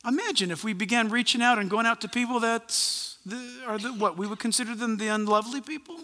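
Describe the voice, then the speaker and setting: A man's voice: very high-pitched, fast talker. A man preaching a sermon as pastor, telling stories animatedly and acting out conversations. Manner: animated storytelling, acts out conversations. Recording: long hall reverb.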